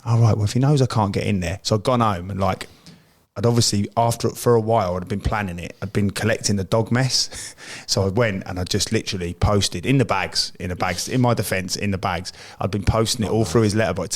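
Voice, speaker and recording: A man's voice: fairly low pitch, fairly even intonation, fast talker. A middle-aged man from Britain, a former footballer, telling rambling, laughing anecdotes in casual podcast chat.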